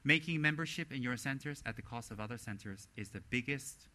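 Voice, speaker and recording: A Buddhist teacher giving a dharma talk, a man with a bright, sharp voice and a mid-range pitch. He speaks bluntly and with animation, swinging between stern warnings and playful mimicry. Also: fairly quick.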